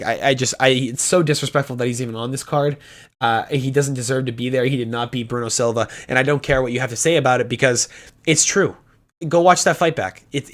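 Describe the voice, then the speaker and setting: A man's voice: mid-range voice, a bit bright. A man hosting a casual fight predictions talk, blunt and opinionated, swearing often and restarting sentences. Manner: fast talking with restarts.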